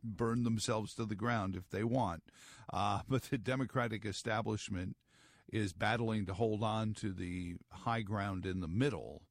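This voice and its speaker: A man's voice: on the low side, measured pace, dry recording, studio quality. A middle-aged man hosting a morning radio talk show, rambling through news with wry asides and lots of fillers.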